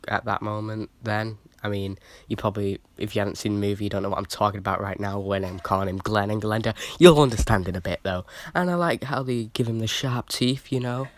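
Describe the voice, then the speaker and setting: A man's voice: fairly low pitch, smooth, no room sound. A British man reviewing a horror film in a casual, rambling way, with lots of fillers and restarts.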